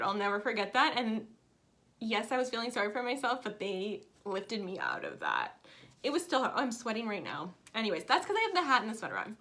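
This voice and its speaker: Woman, 30s, home crafting vlogger; emotional, rambling storyteller with an animated, high-ish voice. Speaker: flosstube vlogger. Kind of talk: casual chat.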